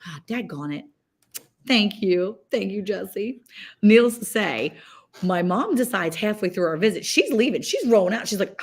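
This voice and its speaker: A woman's voice: mid-range voice, sing-song, moderate pace, slightly rough. A woman with a Southern US accent, co-hosting a casual chat over a video call and telling stories with drawling quoted asides. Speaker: co-host.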